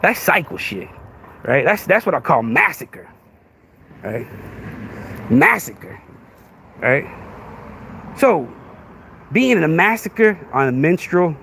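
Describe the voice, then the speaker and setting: Confrontational man with lively pitch. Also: takes it slowly, creaky, long pauses, slight background noise. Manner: confrontational, crude, keeps asking "right?". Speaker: podcast host. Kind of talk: livestream rant.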